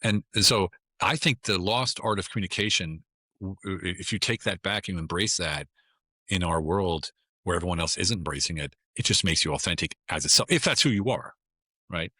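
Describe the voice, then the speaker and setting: A man's voice: low voice, normal speed, sharp tone, breathy edge, dry recording, studio quality. A middle-aged American man, a guest on a casual podcast, talking in a blunt, emphatic way and often repeating himself. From United States.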